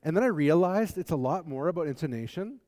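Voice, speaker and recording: A preacher giving a conversational sermon with fillers and self-corrections, reading Scripture and praying in a softer, lower voice. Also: male voice, expressive, brisk. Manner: conversational, with fillers and self-corrections, turning soft and low in prayer. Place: church or large hall. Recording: long hall reverb.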